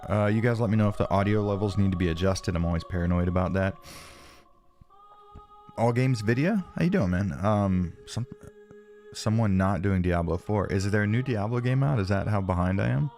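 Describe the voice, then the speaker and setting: A man's voice: fairly low pitch, normal speed, a little mellow, soft background music. A man live-streaming in casual chat, rambling and self-deprecating as he reads chat aloud, a bit sniffly from allergies.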